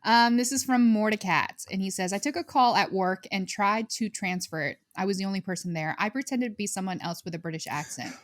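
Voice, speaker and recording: A woman co-hosting a podcast in casual chat, reading out listener posts in a dry, low-key way. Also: a little fast, few pauses. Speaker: podcast co-host.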